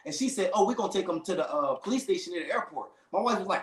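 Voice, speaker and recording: Animated man telling a story in an echoey room. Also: high voice, quick pace, hardly any pauses. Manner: animated storytelling with slang and quoted voices. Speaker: storyteller in a casual conversation. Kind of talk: casual chat.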